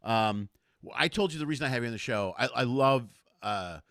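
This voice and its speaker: Fast-talking rambling male host, dry sound. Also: mid-range voice, expressive, a bit bright, no echo. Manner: rambling, enthusiastic, lots of fillers. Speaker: show host. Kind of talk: casual video call interview.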